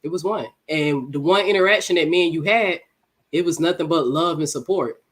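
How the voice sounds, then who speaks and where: A woman's voice: deep voice, fairly quick, breathy edge. A woman with a cold and a speech impediment, blunt and insistent in an online panel debate over a call mic. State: congested from a cold. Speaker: debate guest.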